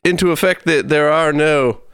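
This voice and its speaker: A man's voice: on the high side, normal speed, fairly bright tone, clear, resonant tone. Chatty man reading card text. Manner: talkative, reads card text with mock drama. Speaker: podcast co-host. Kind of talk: casual chat.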